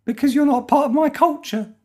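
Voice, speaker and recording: A man voicing a smug, threatening male alien cult member in a high, shrill, mocking voice. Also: fast talker, darkish tone.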